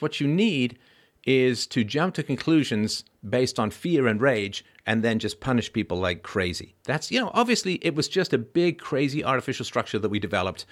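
A man hosting a commentary podcast reads news reports aloud, then breaks off into mocking, wry asides that swing between loud sarcasm and mumbled remarks. His mid-range voice is very animated, delivered at normal speed.

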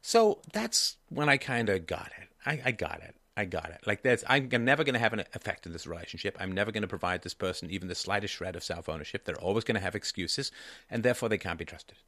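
A man's voice: on the low side, expressive, fast, sharp tone, no room sound. A man hosting a call-in advice show, talking emphatically and repeating key phrases for stress.

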